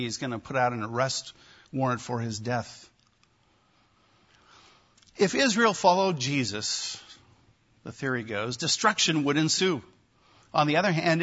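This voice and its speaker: A man preaching a sermon, emphatic and animated, with wry asides to his listeners. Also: a little high, dull audio. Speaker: pastor.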